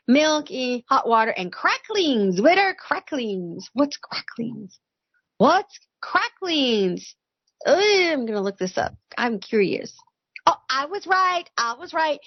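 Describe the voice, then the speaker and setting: Chatty high-voiced woman host. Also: muffled recording. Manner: chatty, laughs often, reads chat aloud. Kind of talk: casual live-stream chat.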